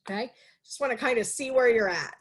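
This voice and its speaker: Energetic woman teaching nursing on a video call. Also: a little high, a little fast, husky. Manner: energetic, teacherly, asks questions and answers them herself. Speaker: nursing instructor. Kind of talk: live online lecture.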